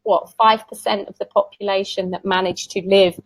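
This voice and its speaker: A woman's voice: medium pitch, little pitch movement, moderate pace, no room sound, low-quality recording. Chatty woman, dry close sound. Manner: chatty storyteller who laughs often. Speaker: tarot reader, summit guest. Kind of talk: casual conversational interview.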